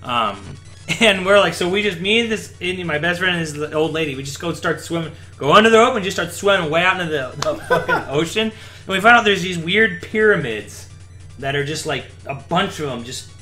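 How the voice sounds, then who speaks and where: A man's voice: a little high, animated, a little fast, sharp tone, soft background music. A young man in casual chat, telling a vacation story in a rambling, laid-back way full of fillers.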